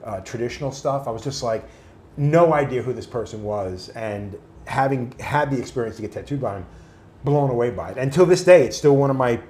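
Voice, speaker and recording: Animated, foul-mouthed man telling stories. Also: mid-range voice, fairly quick, roomy sound. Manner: animated, swears freely, acts out quoted voices. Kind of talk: casual storytelling.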